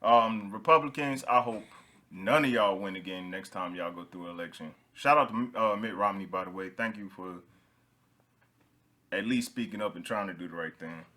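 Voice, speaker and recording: A man's voice: on the low side, moderate pace. A young man hosting a casual podcast, telling stories with a lot of energy and laughing as he goes. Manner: animated storyteller, laughs while telling stories. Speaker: podcast host.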